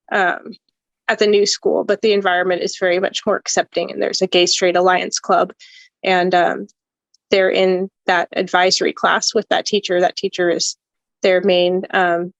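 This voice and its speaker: A mother shares her family's experience in a hesitant way, with frequent pauses and fillers. Her voice sounds dry and close, with no room around it. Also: fairly low pitch, no echo, muffled recording. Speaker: parent interviewee. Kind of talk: casual sharing.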